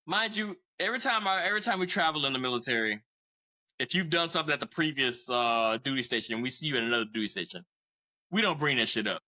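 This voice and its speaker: A man's voice: medium pitch, expressive, quick pace, pushed and bright, poor audio. A man in his forties casually telling a profane story as a podcast co-host, often laughing.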